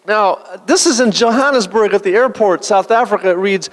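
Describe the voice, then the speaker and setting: Deadpan stand-up comic man in a hall. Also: high-pitched, brisk, hardly any pauses. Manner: deadpan one-liners with dry asides. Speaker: stand-up comedian. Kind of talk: stand-up comedy set. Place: large event hall. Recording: long hall reverb.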